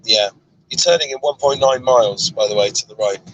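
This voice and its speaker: A man's voice: medium pitch, fairly quick, a bit bright, rough recording. A male host on a live stream in a moving car, reading viewer comments aloud in an easygoing way. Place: inside a moving car on a road trip.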